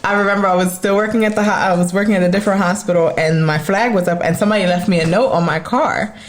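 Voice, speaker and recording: A woman's voice: mid-range voice, fast. A woman co-hosting a podcast, telling stories in casual chat and laughing often. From Dominican family, raised in Philadelphia. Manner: laughs often, animated storytelling. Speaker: podcast co-host.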